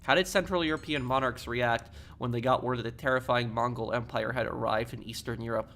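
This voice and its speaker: A man's voice: mid-range voice, fairly even intonation, a little fast, sharp tone. Rambling male game streamer reading chat. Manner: rambling and hesitant, with frequent ums and restarts. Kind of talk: casual live-stream chat, reading and answering viewer messages.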